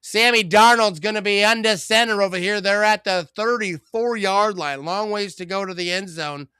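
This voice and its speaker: A man hosts a live stream of a football game, rambling, cracking jokes and shouting out viewers by name. His voice is fairly high and sharp. He is close to a dry mic with no room sound. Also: moderate pace, clean tone, no room sound. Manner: rambling, joking, reads viewer comments aloud; bursts into excited play-by-play on big plays. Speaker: host of a live game watch party. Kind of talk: casual live-stream commentary and chat.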